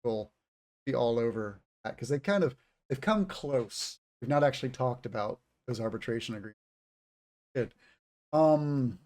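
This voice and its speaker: A man's voice: medium pitch, very animated, unhurried, long pauses, a little mellow. A man interviewing a guest and explaining terms for an audience of learners, thinking aloud as he goes. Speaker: interviewer and English teacher. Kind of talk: conversational interview for language learners.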